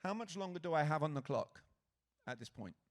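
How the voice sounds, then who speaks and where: A man from Britain giving a lively stage talk at a conference, engaging the audience with questions. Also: on the high side, fairly quick. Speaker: conference speaker. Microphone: handheld stage mic.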